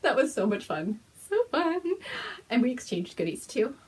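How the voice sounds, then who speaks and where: A woman hosting a knitting podcast, showing things on camera in a gushing, excited chat, with frequent gasps and whispered exclamations. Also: on the high side, moderate pace, slightly rough. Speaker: host of a knitting and fiber podcast. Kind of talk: excited casual show-and-tell chat.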